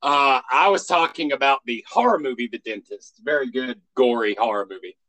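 A man co-hosting a podcast in casual chat, playful and jokey with loud exclamations. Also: mid-range voice, normal speed, poor audio. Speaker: podcast co-host.

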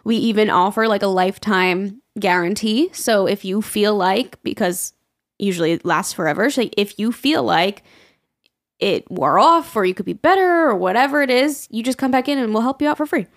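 At a moderate pace and medium pitch, a young female podcast co-host tells a story in relaxed conversation. She animatedly acts out those she quotes in raised voices and laughs often.

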